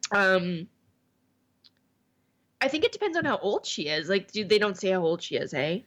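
A woman's voice: medium pitch, sing-song, normal speed, fairly bright tone. A woman chatting on a podcast with an earnest, candid manner. She talks openly and personally. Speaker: podcast co-host. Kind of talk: casual chat.

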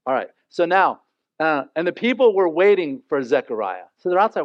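A male pastor teaching a Bible passage in a sermon, animated and joking. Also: fairly high pitch, normal speed, dry recording. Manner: animated, joking, acts out the characters. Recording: dull, dry recording.

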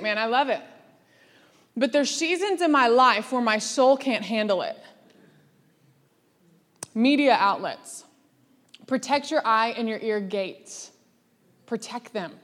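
Woman preaching, kinda high voice, laughs a lot, big echoey hall. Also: measured pace, pauses often. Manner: lively, laughing, acts out quoted voices. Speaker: speaker. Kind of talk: sermon. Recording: long hall reverb.

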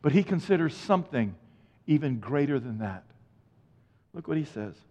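A man preaching a sermon, his delivery swinging from quiet, low passages to loud, raised shouts. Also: sing-song, normal speed. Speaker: pastor. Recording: dull lo-fi sound with long reverb in a large hall.

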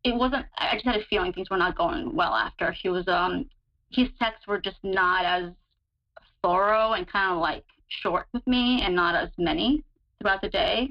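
A woman recounts a personal relationship story in relaxed, rambling conversation. She leans on fillers and restarts, and her voice leaps higher when she acts out alarming moments. The audio is a little dull and lo-fi. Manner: chatty, many fillers, relives moments with sudden higher pitch. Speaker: guest describing her relationship. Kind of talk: casual storytelling.

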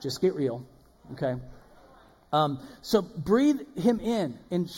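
A man preaching a sermon as pastor, swinging between loud emphatic lines and hushed ones. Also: on the high side, big pitch swings, slow pace, breathy edge. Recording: long hall reverb.

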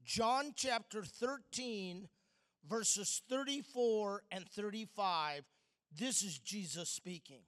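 A man's voice: high-pitched, expressive, slow pace, sharp tone. A man preaching a sermon at a church service, playful and leading the congregation to turn and speak to each other. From outside Chicago. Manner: playful, leads audience in call-and-response. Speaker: guest preacher.

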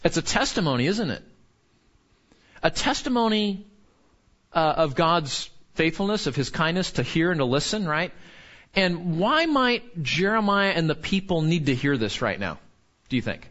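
A man's voice: fairly high pitch, big pitch swings, moderate pace, fairly bright tone, muffled recording. A man teaching a Bible study in a conversational sermon, earnest, asking the group questions and restarting his sentences.

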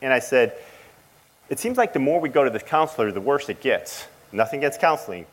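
A middle-aged man tells a church gathering about his bond with his grown child. He speaks in a halting, heartfelt way, often stopping and starting his sentences again. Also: medium pitch, animated, poor audio. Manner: halting, emotional storytelling with many restarts. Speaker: father sharing a testimony. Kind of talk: personal testimony to a church audience.

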